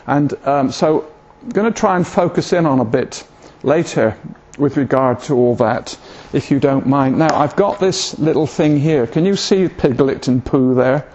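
A man's voice: mid-range voice, normal speed, darkish tone. An older man, giving an informal sermon in a rambling, hesitant way with self-deprecating humour. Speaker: preacher. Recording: dull lo-fi recording.

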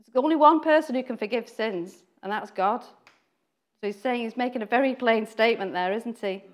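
A woman's voice: fairly high pitch, normal speed. A woman giving an informal, chatty sermon, acting out quoted voices and laughing now and then. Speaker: preacher.

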